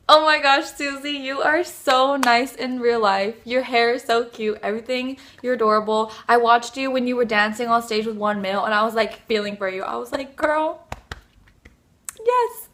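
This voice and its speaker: A woman's voice: fairly high pitch, a bit bright. Bubbly young woman gushing in a fan vlog. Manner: bubbly, gushing, lots of "like" fillers. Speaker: vlogger.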